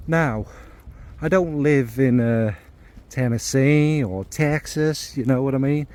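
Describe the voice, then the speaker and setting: A man's voice: medium pitch, slow pace, a little mellow. A man reviewing fragrances in a casual, rambling and joking way, with many fillers and restarts.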